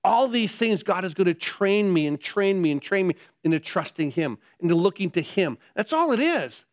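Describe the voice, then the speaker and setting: A man with a high voice preaches a sermon, often answering his own rhetorical questions and repeating key phrases. The recording is dull and dry, with little sense of room. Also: very animated, normal speed, no room sound.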